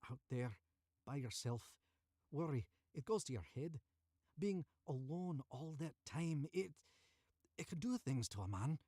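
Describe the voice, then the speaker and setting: A man's voice: fairly high pitch, animated, unhurried, dark tone, breathy edge, no echo, clean studio sound, pitched above the performer's own voice. A man voicing a worried male friend from the local town who speaks earnestly and pleadingly, recorded in a cramped booth.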